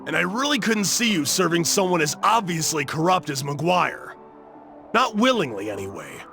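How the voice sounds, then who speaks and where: A boisterous game brawler, loud and loyal, bright gravelly voice with lively swings. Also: male voice, fairly high pitch, normal speed, soft background music, full character voice. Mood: serious. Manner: loud, cheerful, hollering. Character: burly, boisterous young man, loyal companion. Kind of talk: video game voice acting.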